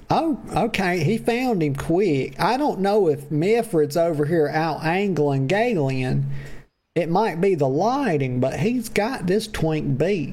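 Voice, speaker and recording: A campy, sassy gameplay commentator with a drawl, taking their time with every rambling aside. The voice is gravelly with plenty of fry, and the talk is crude and chatty. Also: mid-range voice, darkish tone. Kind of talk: let's play commentary.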